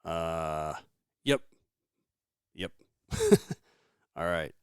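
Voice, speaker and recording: A man hosting a casual podcast, rambling and relaxed with lots of fillers. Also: sits low, drawn-out words, clean tone, dry recording, studio quality. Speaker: podcast host.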